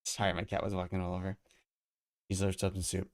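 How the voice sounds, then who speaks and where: A man reading a comic book aloud live, with casual asides between panels. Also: fast talker. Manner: reads aloud, voicing characters with raised pitch.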